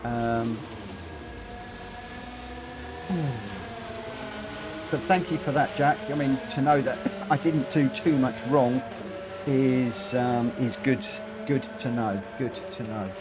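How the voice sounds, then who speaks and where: A man's voice: medium pitch, takes it slowly. A man streaming a racing game, reading chat aloud and chatting with lots of fillers, a little short of breath. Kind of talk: live stream commentary.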